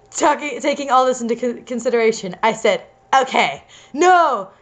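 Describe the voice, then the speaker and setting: A woman's voice: fairly high pitch, moderate pace. A young adult woman co-hosting and theatrically reading fiction aloud for laughs. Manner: giggly, theatrical. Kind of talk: comedic dramatic reading.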